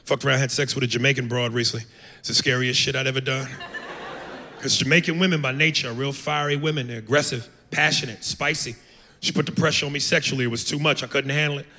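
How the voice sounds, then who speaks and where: Reverb and room noise fill this live club recording of an American man doing stand-up. He talks fast in a mid-range, steady voice, staying brash and profane and breaking into loud impressions.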